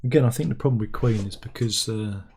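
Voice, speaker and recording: A man's voice: fairly low pitch, fast, gravelly, a little mellow, husky. A man hosting a casual livestream, reading out viewer comments with wry, rambling asides. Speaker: livestream host.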